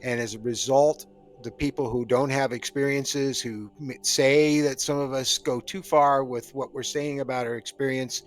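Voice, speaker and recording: A man hosting an interview show, speaking haltingly with frequent fillers. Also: medium pitch, fairly even intonation, faint music behind. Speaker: host.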